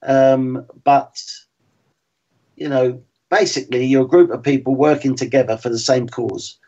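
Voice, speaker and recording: A man in his sixties, a former footballer, talking frankly and in a measured way as an interview guest. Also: mid-range voice, steady tone, warm tone, breathy edge. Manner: frank and plain-spoken, measured. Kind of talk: reflective interview talk. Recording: slightly dull lo-fi sound.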